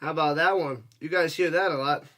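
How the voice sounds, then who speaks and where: A man hosting a live watch-party stream, calling plays casually, chatting with viewers and yelling on big plays. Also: on the high side, a little fast. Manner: excitable, yells on big plays, chats with viewers. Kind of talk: casual live play-by-play commentary.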